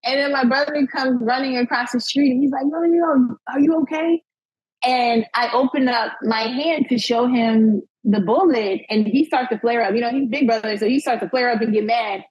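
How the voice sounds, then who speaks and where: A young woman guest telling a personal story in an interview, animated and acting out what people said, often breaking into laughter. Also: a little high, normal speed, few pauses, husky. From United States. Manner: animated retelling, acting out quotes, frequent laughs and "like". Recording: dull lo-fi podcast sound.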